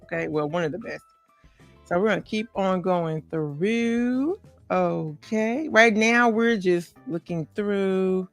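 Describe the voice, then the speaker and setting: A woman's voice: lowish voice, fairly bright tone. Chatty woman hosting a gossip podcast. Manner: chatty, talks straight to viewers, many asides and "okay?" tags. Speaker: podcast host. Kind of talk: casual celebrity gossip chat.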